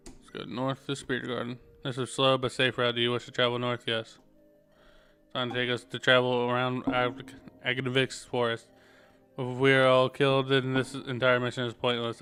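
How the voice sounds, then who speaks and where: A man's voice: mid-range voice, completely flat delivery, moderate pace, sharp tone, clean tone, faint music behind. A man giving casual gameplay commentary as a streamer, chatty and self-deprecating, with muttered asides.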